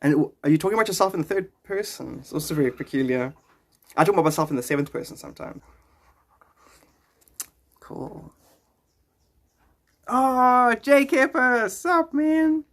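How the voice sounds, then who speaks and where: Husky-voiced man rambling on a livestream. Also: fairly high pitch, fairly quick, pauses often, darkish tone. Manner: rambling, joking, chuckling often. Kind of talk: casual livestream chat.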